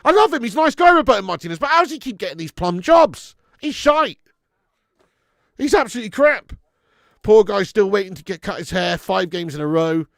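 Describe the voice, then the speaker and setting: A man's voice: sits high, fairly quick, creaky, no echo, clean studio sound. A man hosting a live football watch-along, swearing often and reading out viewer messages. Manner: sweary, animated, reads viewer messages aloud. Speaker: fan channel host.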